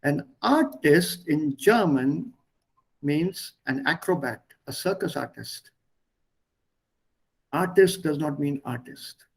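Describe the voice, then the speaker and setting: A man teaching a language lesson online, explaining word pairs patiently with pauses. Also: on the high side, lively intonation, creaky, husky, low-quality recording.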